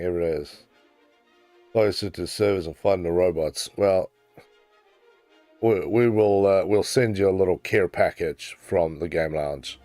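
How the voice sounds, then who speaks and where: Low deep guy streaming games, chatting with chat, dry close sound, little bit of music behind. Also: a little mellow, dry recording. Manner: chatty, answers viewers, laughs easily. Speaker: livestream host. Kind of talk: casual gaming livestream chat.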